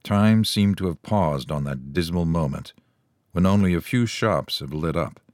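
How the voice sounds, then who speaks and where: Reading a scripted audiobook, a low-pitched male narrator keeps his storytelling measured and even. The studio-quality recording has no echo.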